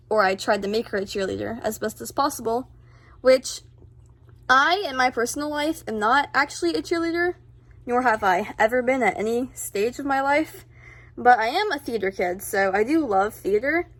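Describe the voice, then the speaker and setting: A woman's voice: sits high, no echo. A woman talking chattily over a speedpaint video, bubbly and rambling, with lots of filler words. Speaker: art channel host.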